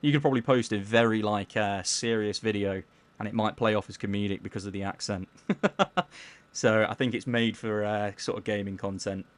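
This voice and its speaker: A man casually chatting on a live gaming stream, reading chat aloud in a mellowed-out, low-key way and tripping over words as he plays. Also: fairly even intonation, moderate pace. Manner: stumbles over words while playing.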